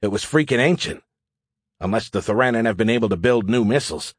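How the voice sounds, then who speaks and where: A man's voice: fairly low pitch, fast talker, breathy edge, no echo, studio quality. A man narrating an audiobook in the first person, with a blunt, sardonic manner.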